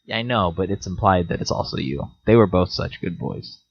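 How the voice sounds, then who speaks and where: A young man co-hosting a podcast in casual chat, rambling and joking, now and then jumping into high silly voices. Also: brisk, a little hiss or hum. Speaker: podcast co-host. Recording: slightly dull lo-fi sound.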